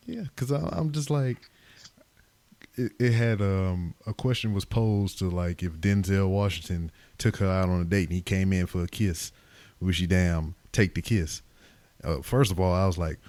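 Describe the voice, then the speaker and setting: Deep-voiced man in casual podcast chat. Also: normal speed, dry recording. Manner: profane, animated storytelling. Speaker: podcast host.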